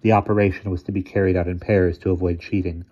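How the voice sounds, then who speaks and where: A man reading a short story aloud in a steady, measured way. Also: low-pitched, muffled recording. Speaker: story reader.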